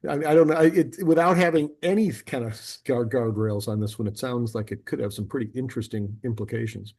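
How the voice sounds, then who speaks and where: A man hosting a fintech podcast, talking in a chatty, animated way with frequent restarts. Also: mid-range voice, brisk. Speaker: podcast host. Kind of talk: casual podcast conversation. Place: local to Atlanta.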